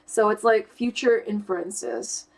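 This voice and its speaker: A woman's voice: mid-range voice, measured pace, rough recording. A young woman talking casually to camera, thinking aloud and searching for words as she explains how her mind works. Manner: thoughtful, searching for words with fillers and restarts. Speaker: YouTuber explaining personality type.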